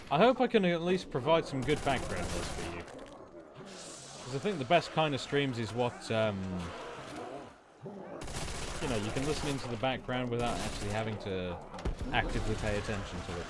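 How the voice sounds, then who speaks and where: A young man with an accent that drifts partly American, rambling casually and swearing during a late-night gaming stream. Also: on the low side. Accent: mixed, partly American. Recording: noisy with game gunfire.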